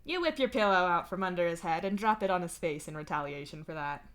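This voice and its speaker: A woman streamer giving an expressive, conversational live reading of fan fiction. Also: on the low side, quick pace.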